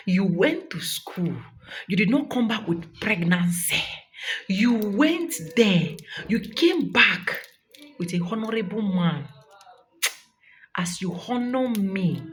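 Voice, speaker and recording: A woman's voice: on the low side, a little hiss or hum. A young Nigerian woman vlogging a fervent, preachy testimony of thanks, close to tears. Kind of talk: emotional testimony vlog.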